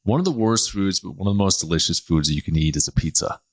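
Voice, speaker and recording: Low-voiced male podcast host, lively and jokey, solo monologue. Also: fast talker. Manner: animated and joking, laughs often, acts out quoted people. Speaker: podcast host, health practitioner.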